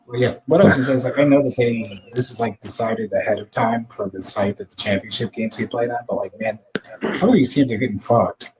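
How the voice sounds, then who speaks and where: A man's voice: medium pitch, a little fast, low-quality recording. Panelist: chatty, swearing man with a medium voice, faint background noise. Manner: chatty and profane, rambling with fillers. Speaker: podcast panelist. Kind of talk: casual sports podcast chat.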